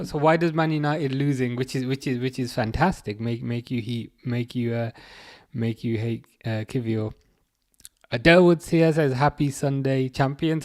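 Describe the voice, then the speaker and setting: A man with a mid-range, darkish voice hosts a live football watchalong, reading chat messages aloud and replying in a chatty, halting manner full of fillers and restarts.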